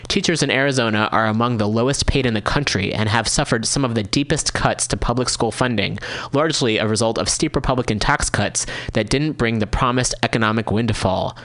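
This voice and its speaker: A man's voice: medium pitch, a bit bright. A male radio host reading a news article aloud and describing a chart, breaking in with candid, casual asides. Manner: casual, candid asides between read passages. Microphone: studio microphone, no camera.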